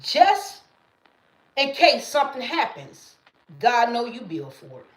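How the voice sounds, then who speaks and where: A woman's voice: fairly high pitch, big pitch swings, slow, echoey room. A woman, talking emphatically and profanely in a casual live-stream monologue, repeating her catchphrases. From Mississippi, US. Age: late 30s. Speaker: livestreamer.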